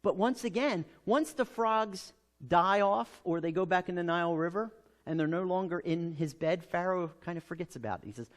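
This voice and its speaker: An American man preaching a sermon as pastor, telling the story with lively acted-out quotes. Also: fairly high pitch, fairly quick. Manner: animated storytelling, acting out quotes.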